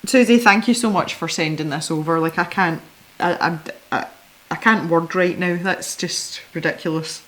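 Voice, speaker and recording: A woman hosting a casual unboxing video, chatty and excitable, giggling often as she opens parcels of art supplies. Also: on the low side, normal speed. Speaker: art supply channel host.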